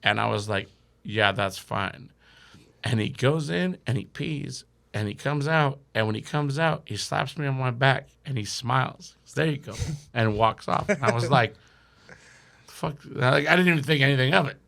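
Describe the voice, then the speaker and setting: A man guesting on a comedy podcast, telling a story in a profane, animated way and laughing between his sentences. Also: mid-range voice, fairly quick, vocal fry, hardly any pauses. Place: podcast studio.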